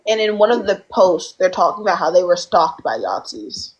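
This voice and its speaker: A woman's voice: on the low side, sing-song, normal speed, poor audio. A woman casually passing on information in an online voice chat.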